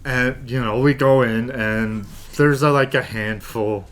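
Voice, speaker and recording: A man co-hosting a podcast, telling a story in relaxed casual chat. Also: medium pitch, a little slow. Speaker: podcast co-host.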